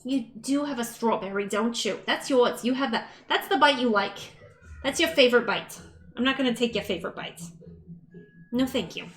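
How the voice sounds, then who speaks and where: In poor audio, a woman with a slightly high voice hosts a casual home-kitchen cooking stream at a normal speed. She's a chatty, bubbly mother who reads viewer comments and speaks to her toddler.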